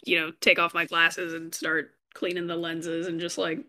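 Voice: mid-range voice, monotone, moderate pace, sharp tone. A player at a tabletop game, chatting hesitantly and asking the game master questions. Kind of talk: casual chat at a game table.

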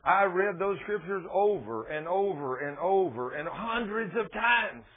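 A man's voice: sits high, animated, unhurried. A man preaching a folksy, emphatic sermon and reading from scripture. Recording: tinny phone-like radio broadcast.

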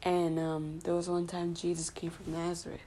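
A woman's voice: on the low side, completely flat delivery, moderate pace, dark tone, a little hiss or hum. A woman casually retelling a Bible passage as a study presenter, loose and conversational, with fillers and self-corrections.

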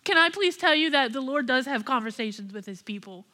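A woman's voice: high voice, animated, brisk, pushed and bright. A young woman pastor and worship leader giving an impassioned, candid sermon with personal testimony.

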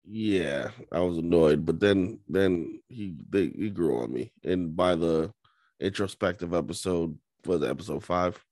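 A man co-hosting a podcast, chatting casually and poking at his co-host with skeptical, teasing remarks. His voice sits very deep, and the sound is dry and close. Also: a little slow, a little mellow, dry recording. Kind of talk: casual chat.

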